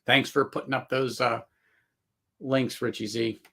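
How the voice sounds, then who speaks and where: A man's voice: medium pitch, little pitch movement, unhurried, gravelly, bright, forceful tone. A man hosting a casual livestream chat, rambling with many fillers and restarts and laughing often. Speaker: livestream host.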